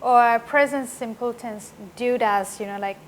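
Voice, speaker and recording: A woman teaching an English grammar lesson, explaining slowly and often checking with "right?". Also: on the high side, a little hiss or hum.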